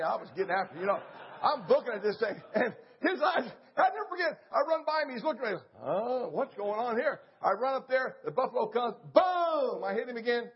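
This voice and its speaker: An older man, a pastor, telling a story in a sermon, animated and full of sound effects. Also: high-pitched, dull audio.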